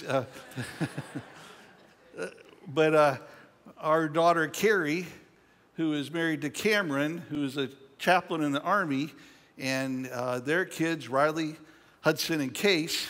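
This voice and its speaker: High-voiced older pastor in a reverberant hall. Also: male voice, fairly bright tone. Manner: conversational, reads scripture then retells it with playful asides. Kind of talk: sermon. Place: church sanctuary. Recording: long church hall reverb.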